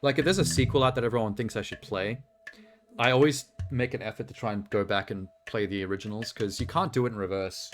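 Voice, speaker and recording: A man talks casually while streaming a game, blunt and quick with profane jokes. His voice sits a little low. Game music plays clearly in the background. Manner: blunt, profane, joking asides. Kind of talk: casual live-stream gameplay commentary. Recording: game music playing behind.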